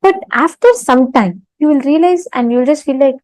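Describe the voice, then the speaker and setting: A woman leads an online spiritual teaching, slow and deliberate, with a slightly high voice. She asks her audience questions and tells stories, and the sound is dry and close with no room. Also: animated, a little mellow, no room sound, rough recording.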